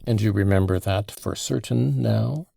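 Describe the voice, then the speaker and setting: A man reading an audiobook, voicing a calm male official who questions a suspect in a measured, pointed way. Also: on the low side, gravelly, dry recording, heavily acted. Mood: probing.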